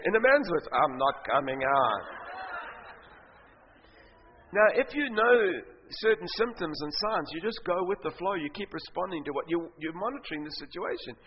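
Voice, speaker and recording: A man from Africa preaching a sermon, telling a story in an animated way that swings between loud bursts and hushed asides. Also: high voice, brisk, a little hiss or hum. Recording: reverberant hall, slightly muffled sound.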